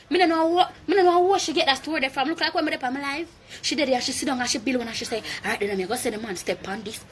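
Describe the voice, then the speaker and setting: Loud high-pitched Jamaican woman ranting. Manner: loud, profane, taunting rant. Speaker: Instagram live streamer. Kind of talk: ranting on a phone livestream. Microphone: phone mic.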